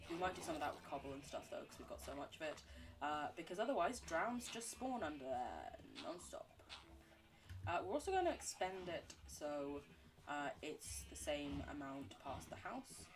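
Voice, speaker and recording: With a deep, sing-song voice at a moderate pace, a woman streams a game and chats casually with viewers. She rambles, laughs a lot, makes fun of herself, and responds to chat in between talking about the game.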